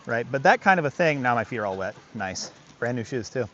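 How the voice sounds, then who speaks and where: A man's voice: mid-range voice, big pitch swings, a little fast, fairly bright tone, highs cut off, slight background noise. A man working as a dog trainer, explaining his methods in casual commentary outdoors by a creek, often asking rhetorical questions and adding "right?".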